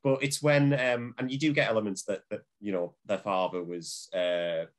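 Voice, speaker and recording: A man's voice: on the low side, fairly even intonation. A man co-hosting a podcast, rambling through film talk with lots of fillers and restarts. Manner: rambling, halting, many fillers. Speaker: podcast co-host. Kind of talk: casual film discussion.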